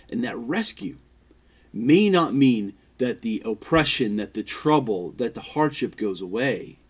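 A man's voice: medium pitch, animated, measured pace, breathy edge. A man preaching a devotional sermon as pastor, earnest, often repeating and restarting phrases.

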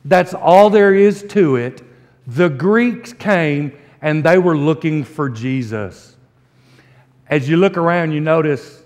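Slow-preaching pastor in a reverberant church. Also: male voice, on the high side. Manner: folksy storytelling, slow emphatic preaching. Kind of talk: sermon. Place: church sanctuary.

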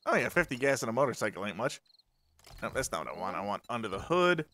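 A man's voice: medium pitch, big pitch swings, quick pace, sharp tone. A man chatting casually and goofing around while playing a co-op game with a friend. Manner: goofy, joking. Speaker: gamer. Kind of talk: casual co-op gaming chat.

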